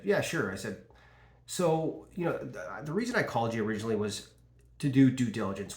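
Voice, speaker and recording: A man coaching insurance sales, talking casually and acting out lines from calls. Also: mid-range voice. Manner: casual, animated, acts out call dialogue. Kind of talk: sales training talk. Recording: echoey room.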